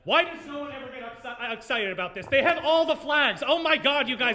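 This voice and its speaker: High, bright-voiced rambling comedy host. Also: male voice, fast talker, few pauses. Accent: American. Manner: rambling, crowd-working, self-mocking. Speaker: open mic host and comedian. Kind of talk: stand-up comedy set. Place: brewery taproom.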